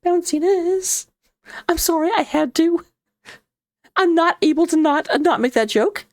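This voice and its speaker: A woman casting a live video game match as commentator, playful and jokey, her voice jumping up with sudden excitement. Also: high-pitched, normal speed, no echo, clean studio sound. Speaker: esports caster.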